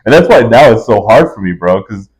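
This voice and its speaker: A man in his twenties co-hosting a casual podcast, telling stories in a laid-back, drawn-out way. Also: lowish voice, sing-song, husky. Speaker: podcast co-host. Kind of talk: casual chat.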